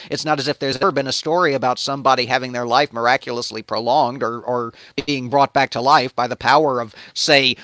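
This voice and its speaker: A man's voice: medium pitch, bright, forceful tone, dry recording, natural voice. A man doing a crude, petulant king. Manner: profane, sarcastic, exasperated. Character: petulant crude male king, self-pitying and hot-tempered.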